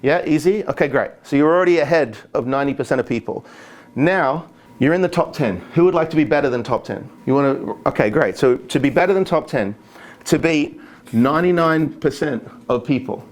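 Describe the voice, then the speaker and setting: Male stage speaker, interactive, slightly high voice. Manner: quizzes the audience, brisk encouraging check-ins.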